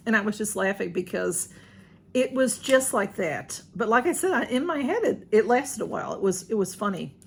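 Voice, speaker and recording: A woman's voice: mid-range voice, expressive, normal speed, creaky, a little hiss or hum. Chatty woman, rambling and laughing. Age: older. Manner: rambling, laughs often, many restarts. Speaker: YouTube channel host. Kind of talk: casual chat to viewers.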